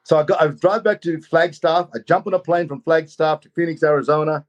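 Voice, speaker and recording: Animated man telling a story. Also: on the high side, fairly quick, dull audio. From Australia. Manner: animated, acts out quoted voices, many "you know"s. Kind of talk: personal storytelling.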